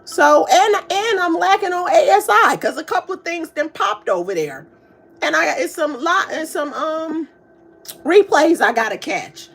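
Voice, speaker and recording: A woman hosting a casual live stream, chatting with viewers and reading their comments aloud in a slangy, animated way. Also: very high-pitched, a little slow, vocal fry. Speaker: livestream host.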